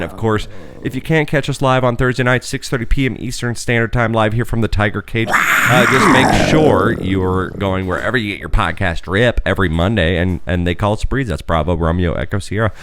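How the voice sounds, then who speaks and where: A man in his thirties hosts a relaxed podcast, joking loosely and restarting his sentences. His voice sits a little low and is recorded dry and close. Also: no room sound. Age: 30s. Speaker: podcast host. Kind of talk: casual podcast chat.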